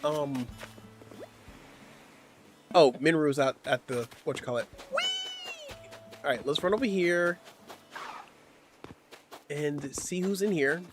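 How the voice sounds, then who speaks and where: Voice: mid-range voice, takes it slowly, long pauses, soft background music. A streamer giving casual live-stream gameplay commentary, playful and slangy, often laughing and teasing the chat. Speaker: game streamer.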